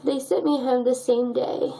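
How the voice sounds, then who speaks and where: Young woman vlogger, gravelly fry, higher voice, emotional and choked up. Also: fairly even intonation, normal speed, dark tone, low-quality recording. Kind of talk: personal story vlog.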